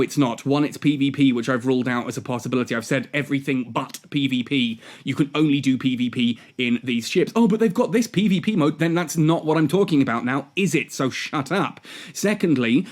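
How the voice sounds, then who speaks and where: A man's voice: mid-range voice, darkish tone. A man hosting a gaming channel, delivering exasperated, sarcastic video game commentary as a rant.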